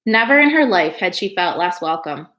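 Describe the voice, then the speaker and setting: A woman reading a children's novel aloud, in a calm and steady storytelling manner. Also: fairly low pitch, moderate pace. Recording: echoey room.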